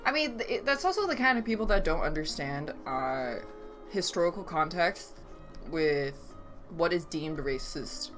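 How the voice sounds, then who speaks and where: A woman with a slightly low voice chats on a livestream, reading viewer messages aloud and tossing off dry, sarcastic replies. Soft music plays faintly behind her. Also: animated, a little slow. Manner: reads chat aloud and reacts with dry sarcasm. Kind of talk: casual stream chat. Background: faint background music.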